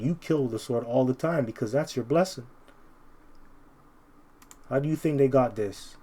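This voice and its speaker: A man preaching informally, emphatic and repetitive, often ending phrases with "man" and slowing down to read verses aloud. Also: mid-range voice, mellow.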